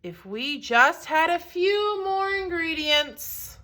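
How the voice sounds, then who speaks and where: A woman's voice: extremely high pitch, expressive, takes it slowly, bright, forceful tone, voice pushed up, exaggerated voice. A woman voicing two cheerful traveling cooks who chant in a sing-song way in a storybook read-aloud. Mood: eager.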